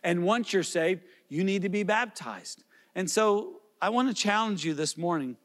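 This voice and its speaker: In a large hall, a pastor preaches a sermon earnestly and pleadingly, repeating questions and making small restarts. His voice sits high and is animated, at a normal speed.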